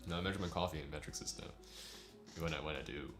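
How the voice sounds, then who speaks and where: A man's voice: extremely low pitch, quick pace, roomy sound, music in the background. A young man chatting casually with his livestream viewers, rambling and laughing often. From United States. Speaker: streamer.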